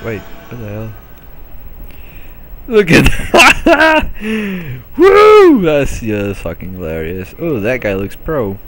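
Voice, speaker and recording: Dude laughing n cursing thru his game footage, slow drawn-out talk, bit of hiss behind. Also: lowish voice. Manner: laughs often, swears freely, excitable. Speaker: gameplay video host. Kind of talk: casual let's-play commentary.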